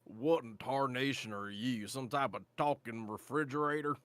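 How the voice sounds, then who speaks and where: Man doing a gruff frontier warrior with a drawl. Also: medium pitch, a bit bright, no room sound, studio quality, natural voice. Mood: suspicious. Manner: folksy drawl, slow and blunt. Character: gruff frontier male warrior, blunt and crude.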